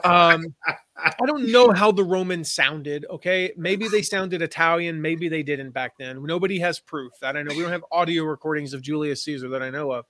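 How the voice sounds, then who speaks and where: Man, podcast guest, slightly high voice, dry close recording, chatty storyteller, playful asides. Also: moderate pace, sharp tone, dry recording. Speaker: guest, affiliate marketing expert. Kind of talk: conversational podcast interview.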